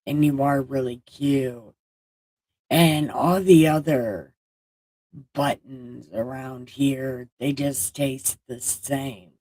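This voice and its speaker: A woman's voice: extremely low pitch, fairly even intonation, slow pace, warm tone, no echo, heavily acted. Woman doing a breezy, easily charmed first woman.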